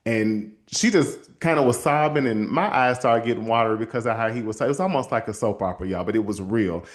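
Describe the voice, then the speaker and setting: A man hosting a show and telling a story from his counseling work in a lively, casual way, calling his listeners y'all. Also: mid-range voice, brisk. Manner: animated, addresses listeners as y'all, acts out quotes. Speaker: host and counselor.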